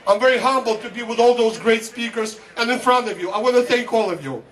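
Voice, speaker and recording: High-voiced man, giving a fiery rally speech. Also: fast talker. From Soviet Union (Russia). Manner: fervent, repeats a rallying slogan. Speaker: guest speaker at a political rally. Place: outdoor rally before a large crowd. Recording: distant mic, loud crowd and noise.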